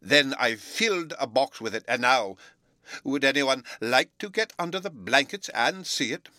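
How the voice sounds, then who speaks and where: A man reading a storybook aloud, voicing a fussy, absent-minded old male professor who lectures in a slow, pompous way. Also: medium pitch, animated, sharp tone, no room sound, pitched above the performer's own voice. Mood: pompous lecturing.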